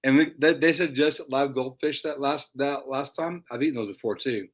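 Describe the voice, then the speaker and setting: A man's voice: medium pitch, moderate pace. A man hosting a casual livestream, rambling and repeating words as he talks. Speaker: livestream host.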